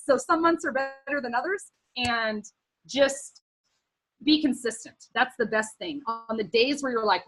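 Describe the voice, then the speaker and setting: A woman's voice: a little high, unhurried, fairly bright tone, rough recording. A woman speaking casually and earnestly on a team video call, giving encouraging advice with many fillers and at times close to tears.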